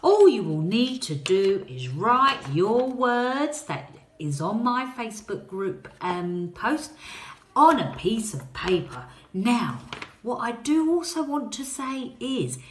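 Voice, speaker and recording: A woman teaching a phonics lesson to young children, talking in a slow, encouraging way and coaxing them to answer. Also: fairly high pitch, big pitch swings, reverberant, slight background noise.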